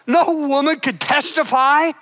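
Bright high-voiced preacher with shouted emphasis. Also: male voice, steady tone, unhurried. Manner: dramatic storytelling with shouted emphasis and playful asides. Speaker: pastor. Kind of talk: sermon.

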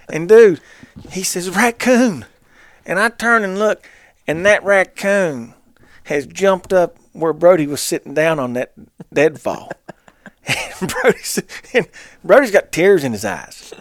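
A man's voice: fairly high pitch, expressive, moderate pace, no room sound. A man, co-hosting a podcast, tells a hunting story in casual chat and laughs through his punchlines. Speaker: podcast co-host.

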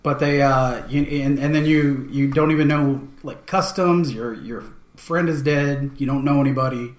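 A man chatting about films on a casual podcast, often stopping and restarting his thoughts. The room adds a clear echo to his voice. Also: mid-range voice, fairly even intonation, normal speed. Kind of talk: casual film discussion. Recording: echoey room.

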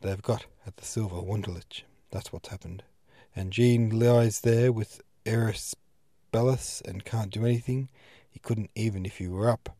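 A man's voice: lowish voice, fairly even intonation, moderate pace, mellow, no echo, clean studio sound. A man voicing a distraught older woman who speaks frantically. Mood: frantic. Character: distraught older woman fearing for her silver.

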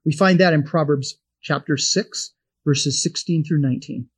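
A man's voice: fairly high pitch, normal speed, husky. A middle-aged man teaching from the Bible in a homespun, conversational way, telling personal stories and chuckling as he goes.

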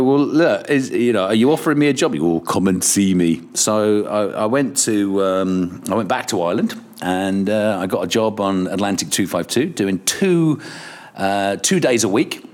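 A man's voice: fairly low pitch, sing-song, normal speed. A middle-aged man, a radio presenter, telling anecdotes in a casual interview, swearing freely and laughing often. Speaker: radio presenter, podcast guest.

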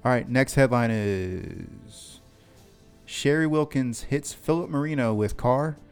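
A man's voice: mid-range voice, slow pace, clean tone, soft background music. A man co-hosting a podcast, reading odd news headlines and riffing on them with crude, profane jokes. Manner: profane, joking, reads news stories aloud. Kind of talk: crude comedic chat.

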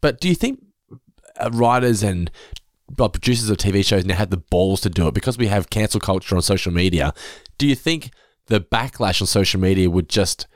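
An Australian man in his thirties, co-hosting a casual chat, animated and sweary. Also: fairly quick, no room sound, clean studio sound. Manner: animated and sweary, swings into high excited bursts. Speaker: podcast co-host.

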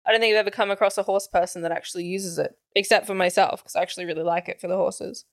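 A woman's voice: on the low side, fairly even intonation, racing, no room sound. Woman, candid, laughs a lot, casual chat, dry sound. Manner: candid, laughs often, rambling asides. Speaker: podcast co-host.

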